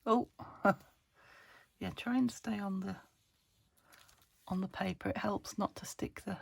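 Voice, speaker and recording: A woman from the UK hosting a casual craft tutorial, chatty and self-chiding as she thinks aloud while working, her voice still slightly croaky. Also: mid-range voice, fairly even intonation, takes it slowly, no echo. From United Kingdom. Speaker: crafting channel host.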